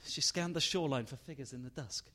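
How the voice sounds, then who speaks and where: A man narrating a dark tale in a slow, deliberate, hushed storytelling manner. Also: mid-range voice.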